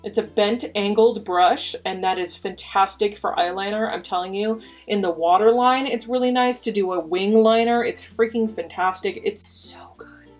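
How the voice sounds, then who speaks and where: A woman's voice: medium pitch, moderate pace, hardly any pauses, faint music behind. A young woman vlogger reviewing makeup brushes in a chatty, enthusiastic way, sometimes dropping to a whisper. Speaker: beauty vlogger.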